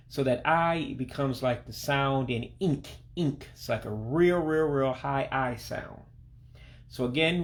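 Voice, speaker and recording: A man leads a recorded language lesson, speaking over pictures rather than on camera. His voice has a gravelly, fry-edged texture and sits at an ordinary middle pitch. He goes patiently, repeating each word slowly and with care. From Alabama, United States. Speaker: language teacher. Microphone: voice-over to pictures and on-screen text.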